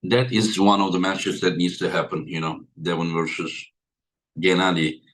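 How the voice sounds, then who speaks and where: A man's voice: sits low, level tone, normal speed, fairly bright tone. A tired man hosting a livestream in casual chat, greeting his viewers by name one after another. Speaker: livestream host.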